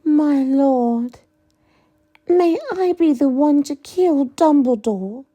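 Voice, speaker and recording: A woman's voice: high-pitched, takes it slowly, dark tone, voice pushed up. A woman voicing a fanatical female servant who speaks in an eager, fawning, sing-song way.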